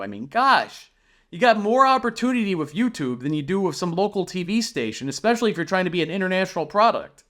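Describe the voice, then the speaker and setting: A man's voice: high voice, a bit bright. A man reviewing a channel on screen, talking through it in an exasperated, critical way and firing off rhetorical questions. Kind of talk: screen-share commentary.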